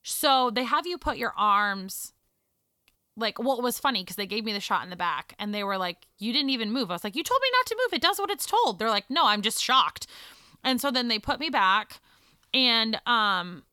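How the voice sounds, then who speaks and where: A woman in her thirties telling a personal story in casual chat, animated, hushing for the tender parts. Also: fairly high pitch, moderate pace, smooth, dry recording, studio quality. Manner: animated, drops to a hush for emotional moments.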